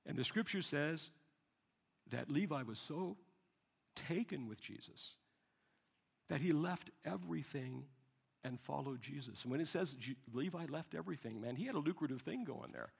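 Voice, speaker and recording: A man preaches a sermon with a slightly raised pitch, his voice gravelly and husky. He keeps it conversational, dropping in casual asides and repeating words for emphasis. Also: animated, normal speed. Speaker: pastor.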